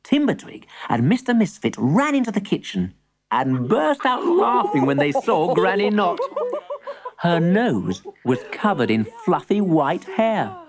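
A woman reading a children's story aloud, an expressive storyteller. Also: lowish voice, measured pace. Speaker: narrator.

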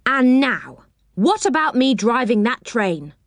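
A keen young boy who has always wanted to drive a train, as a woman reads him aloud. The voice sits higher than her own and swings lively up and down. It is recorded close and dry. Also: normal speed, dry recording. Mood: eager. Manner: excited, bossy and keen. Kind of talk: storybook reading.

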